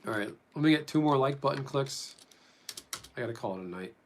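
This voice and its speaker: A man's voice: medium pitch, expressive, a little fast, slight background noise. A man chatting casually with viewers during a live stream, rambling as he reads and answers them.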